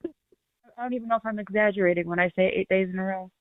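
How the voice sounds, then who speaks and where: A woman hosting a casual chat, chatty and joking with quick laughs. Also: mid-range voice, dry recording. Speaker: channel host. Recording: dry, phone-like audio.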